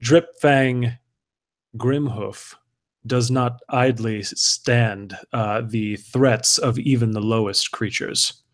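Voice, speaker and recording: A man's voice: mid-range voice, fairly even intonation, takes it slowly, close to an everyday voice. A man voicing a haughty, arrogant male errant warrior who mocks and sneers. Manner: sneering, pompous, mocking laughs.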